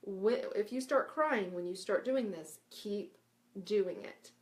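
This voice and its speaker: A woman teaching spiritual breathing exercises in a casual live lesson. She talks in a loose, chatty way and keeps checking in with 'right?' and 'okay?'. She demonstrates breathy sounds and chants along the way. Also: medium pitch, slow pace. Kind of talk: casual live instructional talk.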